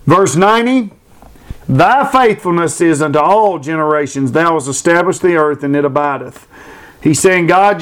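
Fervent high-voiced preacher. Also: male voice. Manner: fervent, repetitive emphatic preaching. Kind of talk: sermon.

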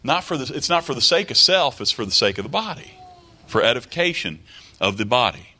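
A man's voice: mid-range voice, big pitch swings, fairly quick, bright, forceful tone. A man preaching a sermon, emphatic, repeating key phrases and quoting scripture aloud. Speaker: pastor.

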